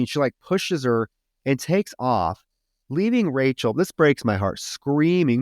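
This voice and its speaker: A man's voice: mid-range voice, normal speed, no echo, clean studio sound. A man co-hosting a podcast, retelling a film's climax in casual, profane chat. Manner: animated, profane retelling of plot. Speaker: podcast co-host. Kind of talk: casual film recap.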